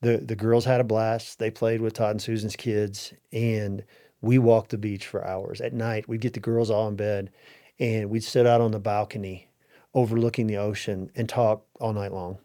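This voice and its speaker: A man's voice: lowish voice, level tone, moderate pace, mellow. A middle-aged man telling a personal story as an interview guest, earnest and heartfelt, often restarting his sentences.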